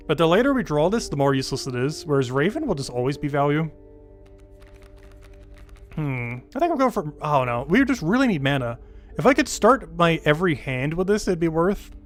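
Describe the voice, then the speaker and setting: A man streaming a card game, thinking aloud about his moves and slowly reading out game text with many fillers. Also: a little high. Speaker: gaming streamer. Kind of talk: casual live-stream commentary.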